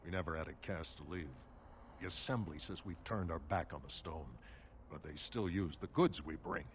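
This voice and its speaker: An actor playing a surface-born dwarf merchant who speaks with wry, guarded resentment in a video game. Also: male voice, sits low, normal speed, slight background noise, close to an everyday voice. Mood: wry, bitter.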